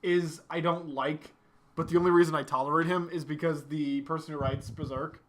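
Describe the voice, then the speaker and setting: A man's voice: on the high side, steady tone, a little fast, a bit bright. A young man chatting casually about anime, blunt and opinionated, laughing often. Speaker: anime podcast co-host.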